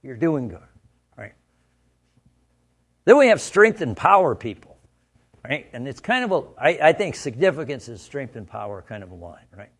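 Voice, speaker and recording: A man's voice: medium pitch, big pitch swings, moderate pace, pauses often, a bit bright. A man from the United States giving a conversational training talk, full of stories and frequent "right?" checks. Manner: anecdotal, conversational, asks "right?" often. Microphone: studio mic.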